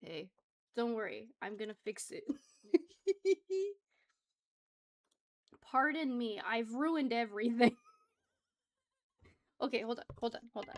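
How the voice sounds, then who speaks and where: A young woman with a high, bright voice chats casually with her livestream viewers from her home setup. She sounds bubbly and giggly, and she gets flustered easily as she talks. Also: expressive, unhurried, long pauses. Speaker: livestream host.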